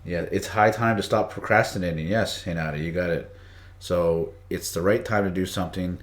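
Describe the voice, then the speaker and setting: A man's voice: deep voice, fairly even intonation, normal speed. A man teaching English idioms on a live stream, chatty, greeting viewers by name and reading the chat aloud. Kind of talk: casual live-stream lesson. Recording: echoey room.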